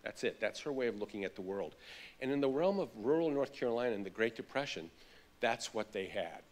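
A man's voice: mid-range voice, brisk. A middle-aged man, a child psychologist, giving a keynote lecture and telling stories with animation. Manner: animated storytelling.

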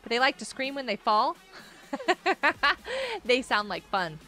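A woman streaming a game live, chatting casually and reading messages from the chat aloud, with excitable outbursts. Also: sits high, takes it slowly, soft background music.

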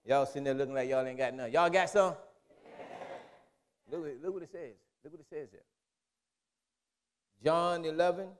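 A man preaching a sermon as pastor, in emphatic call-and-response style that builds to loud, drawn-out declarations. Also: a little high, steady tone. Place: church sanctuary. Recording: long reverb of a church hall.

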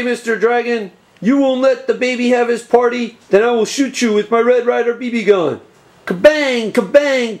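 A man voicing an earnest nerdy boy with glasses and a BB gun in a home-made comedy movie, delivering lines deadpan. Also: very high-pitched. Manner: deadpan, plodding announcement-style lines.

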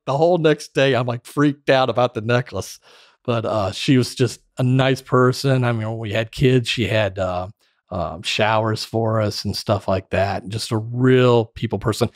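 With a lowish voice at normal speed, a middle-aged former sales director shares stories full of laughter as a guest in a casual podcast interview, animated throughout. The studio sound is clean and free of echo.

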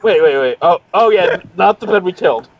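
A man's voice: high-pitched, expressive, fairly quick, no room sound. A man playing a tabletop game, insistent and businesslike. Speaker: player. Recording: dull lo-fi mic with faint hiss.

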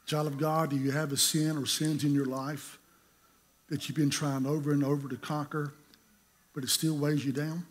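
A middle-aged man, preaching a sermon in a folksy storytelling way, acting out scenes with sudden loud bursts. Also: fairly high pitch, flat delivery, normal speed. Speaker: pastor.

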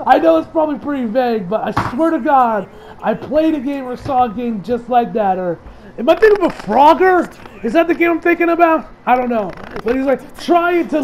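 A man giving a casual, rambling and profane recap of an anime episode, with lots of filler words and bursts of excitement. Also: very high-pitched, background noise. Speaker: anime reviewer.

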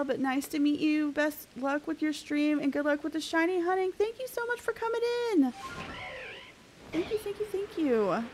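A woman, chatting excitably with viewers while she streams a game. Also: high-pitched, a little hiss or hum. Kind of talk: casual live-stream chat.

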